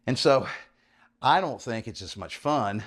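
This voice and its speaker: A man's voice: mid-range voice, expressive, a little slow. A man in his fifties, a fitness coach talking casually through a home workout, counting reps aloud and laughing easily. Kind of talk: home workout vlog with instruction.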